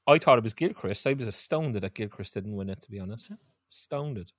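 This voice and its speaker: A man's voice: fairly low pitch, lively intonation, fairly quick, no room sound. Guy chatting on a podcast, laughs a lot, dry close mic. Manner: laughing, easygoing. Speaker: podcast co-host. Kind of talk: casual chat.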